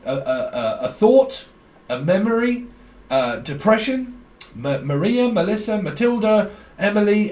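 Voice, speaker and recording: A man giving a rambling, blunt tarot reading, talking in a stream of consciousness and swearing freely. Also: a little high. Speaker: tarot reader. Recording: echoey room, distant mic.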